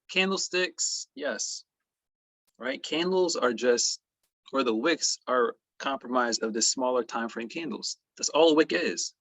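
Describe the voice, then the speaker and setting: A man teaching an online class with a playful, boastful streak, teasing his students. His pitch swings widely while he drawls slowly. His voice is husky and the sound is dry. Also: fairly bright tone, no room sound. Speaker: trading educator.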